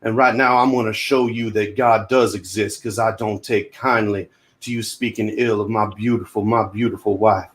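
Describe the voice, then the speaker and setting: A man's voice: fairly low pitch, fairly even intonation, moderate pace, fairly bright tone, close to an everyday voice. A man playing an earnest, courtly Southern ex-con action hero who speaks formally about respect and his wife.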